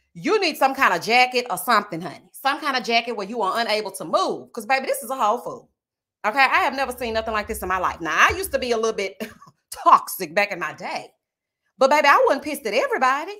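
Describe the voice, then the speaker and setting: A woman hosting a casual live stream, talking in a sassy, animated way and calling her viewers honey and child. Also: fairly high pitch. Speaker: YouTube live-stream host.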